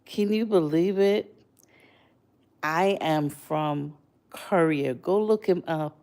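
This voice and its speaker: An older woman from Jamaica telling a story to her livestream viewers in a casual, animated way, her voice jumping high when she is surprised. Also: takes it slowly, gravelly. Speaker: livestream host.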